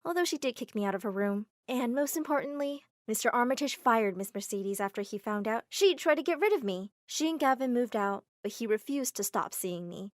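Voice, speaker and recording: A woman narrates a first-person drama in a fairly high voice, dramatic and a little breathless. The sound is close and dry, with no room in it. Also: dry recording.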